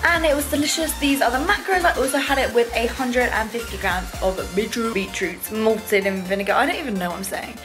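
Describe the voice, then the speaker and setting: A young English woman vlogs from her kitchen at home, chatting playfully and talkatively to camera while she eats. Her voice is a little high and brisk, with hardly any pauses, and music plays underneath.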